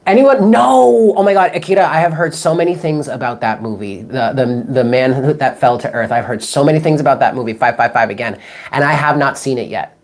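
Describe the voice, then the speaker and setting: A low-pitched woman in her thirties chats loosely to a live-stream audience as a tarot reader. She rambles from one tangent to the next, swears with ease and reacts to viewers' comments in a relaxed, talkative way. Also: brisk. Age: 30s. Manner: rambling, chatty, swears casually, reads out chat comments. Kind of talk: casual live-stream chat.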